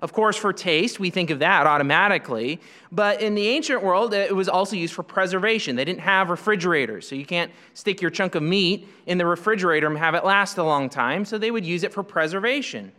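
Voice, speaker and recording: A man's voice: sits high, brisk, pushed and bright, long reverb tail. A man preaching a sermon in a conversational teaching style, asking rhetorical questions and often restarting his sentences.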